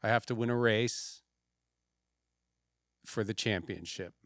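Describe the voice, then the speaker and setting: A man hosting a comedy podcast, chatting in a deadpan, mock-serious way with his guest. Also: on the low side, takes it slowly, dry recording, studio quality. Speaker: podcast host. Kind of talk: casual comedic podcast chat.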